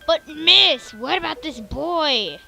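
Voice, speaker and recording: A woman's voice: high voice, expressive, takes it slowly, creaky, sharp tone, faint music behind, pitched above the performer's own voice, heavily acted, rough recording. A woman voicing a fawning male pirate crewman who stammers over his words in a game playthrough.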